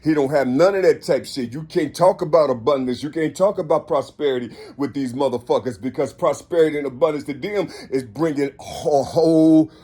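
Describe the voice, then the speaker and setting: Fifties guy, high husky voice, rambly preachy monologue, cussing a lot, keeps repeating himself. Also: a little fast, few pauses. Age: 50s. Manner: rambling, repetitive, profane, builds to shouts.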